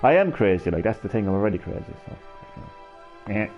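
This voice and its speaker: A man's voice: on the low side, sing-song, fairly quick. Guy streaming, rambly and hyper-but-sleepy, dull lo-fi sound, faint game music under it. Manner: rambling, restless, swings between hyper and drowsy; swears casually, stammers and restarts. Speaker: live streamer. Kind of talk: rambling live-stream chat to viewers. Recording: slightly dull lo-fi stream audio.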